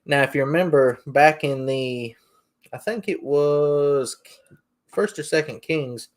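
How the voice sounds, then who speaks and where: With a slow delivery and a voice on the high side, this man hosts a podcast. His storytelling is casual, wandering, and folksy.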